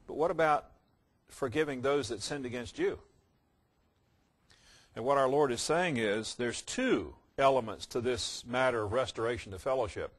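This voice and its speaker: A man preaching a sermon, telling a parable in his own words and swinging between quiet reflection and loud emphasis. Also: medium pitch.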